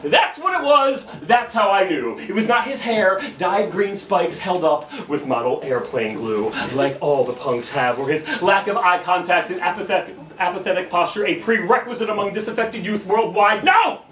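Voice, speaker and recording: A man's voice: high-pitched, expressive, normal speed, hardly any pauses, fairly bright tone, roomy sound, recorded from a distance. A man with an American accent performing slam poetry on a bar lounge stage, rhythmic, emphatic and profane. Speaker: performance poet.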